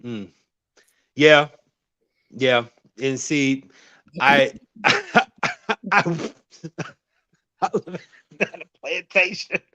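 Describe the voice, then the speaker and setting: A man's voice: on the high side, very slow, pauses often, no room sound. A man from the American South, a guest telling stories in casual conversation, laughing often. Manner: laughs often, relaxed storytelling.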